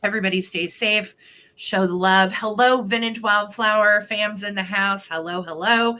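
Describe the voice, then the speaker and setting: A woman's voice: mid-range voice, fairly even intonation, moderate pace, bright, forceful tone. A woman hosting a live online vintage sale in casual chat, bubbly and greeting viewers by name.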